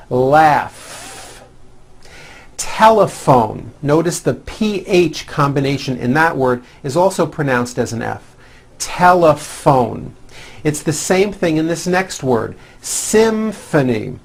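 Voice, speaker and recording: A man teaches English pronunciation in a scripted lesson, slowly demonstrating sounds with exaggeration. His voice is a little high, animated, and creaky.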